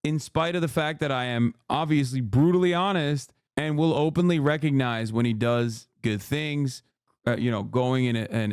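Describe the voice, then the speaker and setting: A man's voice: medium pitch, darkish tone, clear, resonant tone, dry recording, clean studio sound. A man doing livestream reaction commentary, talking in a brash, mocking and crude way. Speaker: streamer reacting to news clips.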